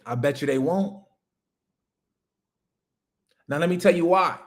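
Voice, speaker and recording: A man whose voice is on the high side speaks at a measured pace. As a business coach hosting a livestream, he delivers an emphatic, profane motivational rant about business directly to his chat.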